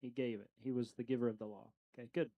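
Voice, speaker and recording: A man's voice: mid-range voice, fairly even intonation, quick pace, narrow, tinny audio. A middle-aged man leading a casual Bible study, talking conversationally with lots of fillers and questions to the group.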